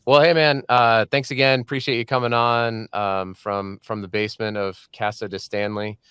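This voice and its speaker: A man's voice: on the low side, level tone, normal speed, fairly bright tone, clear, resonant tone, dry recording. A man hosting a podcast from a home studio, chatting casually and joking often with his guest. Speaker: podcast host. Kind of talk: casual interview chat.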